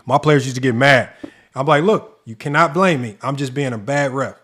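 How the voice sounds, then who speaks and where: An animated man on a casual sports talk show, telling stories and laughing as he goes. He talks like a coach and swears freely. His voice sits at an ordinary middle pitch. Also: normal speed. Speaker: basketball coach and podcast co-host.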